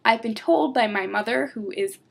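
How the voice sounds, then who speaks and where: A woman's voice: on the high side, moderate pace, creaky. A young woman from New York with a New York accent, rambling and giggling casually as she answers fan questions for her role-play blog. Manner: rambling, giggly, many fillers and asides. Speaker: Star Wars role-play blogger.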